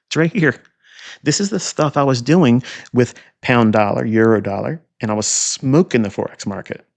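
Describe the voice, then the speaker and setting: A man with a gravelly, fry-laden voice delivers a recorded trading lecture while walking through charts. He speaks at an ordinary pitch, repeats himself for emphasis and fires off rhetorical questions. He turns mocking now and then. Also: moderate pace. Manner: emphatic and repetitive, with sudden loud bursts and rhetorical questions; mocking and scornful asides. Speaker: trading educator.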